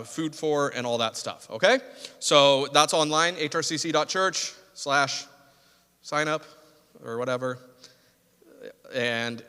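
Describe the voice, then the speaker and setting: A man's voice: medium pitch, pushed and bright. A man with an American accent preaching a sermon as pastor, mixing announcements and casual, self-deprecating asides to the congregation. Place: church sanctuary. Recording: long hall reverb.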